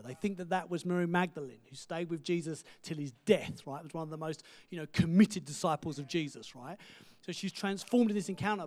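A man preaching a sermon, telling stories with lively energy, dropping to a hush for quoted words and often asking "right?". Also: on the high side, a little fast. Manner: animated storytelling, asks the audience "right?".

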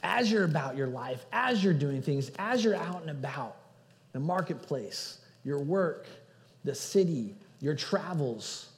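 A man's voice: fairly high pitch, lively intonation, measured pace. Man preaching in a reverberant church. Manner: earnest preaching with swings from loud emphasis to hushed. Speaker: pastor. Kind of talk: sermon. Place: church sanctuary. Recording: hall reverb.

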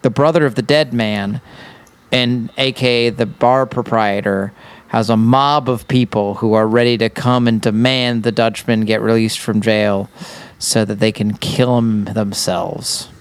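A man's voice: fairly low pitch, fairly even intonation, unhurried, clean tone, dry recording. A man co-hosting a podcast, talking casually with jokes and many restarts. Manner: joking, rambling with restarts. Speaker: podcast co-host. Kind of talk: casual chat.

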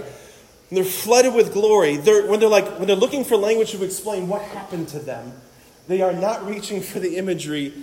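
A Catholic speaker addresses a live audience with an energetic, joking, conversational talk, dropping "right?" again and again. His voice sits high, and a long hall reverb colors the recording.

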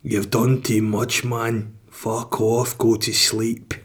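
A man's voice: medium pitch, level tone, slow pace. A man voicing his own body as a blunt Scottish-accented figure that scolds him to go to sleep. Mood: scolding. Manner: blunt, gruff, telling him off.

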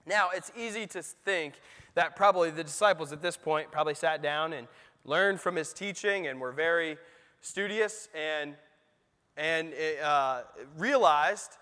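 A man's voice: on the high side, animated, normal speed, bright, forceful tone. A man preaching a sermon as a pastor, in a conversational style with rhetorical asides, recorded in a church sanctuary. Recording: long hall reverb.

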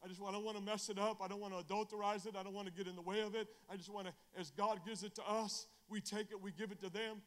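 Fervently preaching at a Bible study, this middle-aged evangelist talks in a rapid-fire stream with hardly any pauses and a steady tone. He often restarts and repeats phrases, moving from loud bursts to low, intimate asides.

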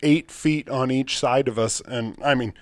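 Male podcast host, mid-pitched, rambling and excitable, dry close mic. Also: measured pace, dry recording. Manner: rambling, excitable storyteller with mild swearing. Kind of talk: casual chat.

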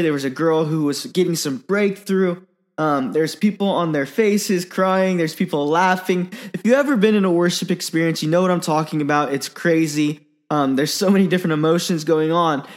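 Earnest young man giving a testimony. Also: high voice. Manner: earnest, candid, with frequent fillers. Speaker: speaker sharing a testimony. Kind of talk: sermon-style personal testimony.

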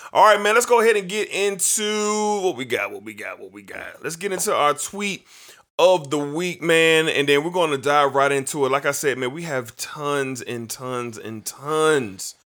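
Hosting a sports podcast with features, a man goes on an emphatic, animated rant, repeating names for effect. He speaks at a normal speed in a somewhat high, a bit bright voice with lively intonation.

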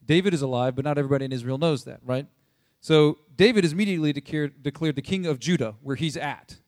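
Animated man retelling a sermon story. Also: on the high side, quick pace, no room sound, clean studio sound. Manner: animated, slangy, jumps into voices for quoted people. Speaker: preacher.

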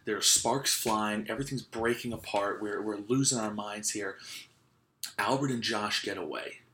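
A man's voice: fairly low pitch, a bit bright. A young man hosting a casual podcast, telling a story in a rambling way with lots of "like" and restarts. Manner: laughs while telling stories. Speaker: podcast host.

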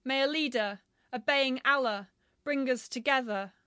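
A woman reading a translated poem aloud in a measured, solemn recitation. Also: high-pitched, bright, forceful tone, no room sound, studio quality. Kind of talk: poetry reading.

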